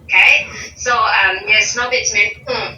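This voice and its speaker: Woman guest in relaxed chat, unhurried and hesitant, heard through a muffled, roomy recording from far off the mic with faint hiss. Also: medium pitch. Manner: hesitant, searching for words, many pauses. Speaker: interview guest. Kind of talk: casual conversation about English learning.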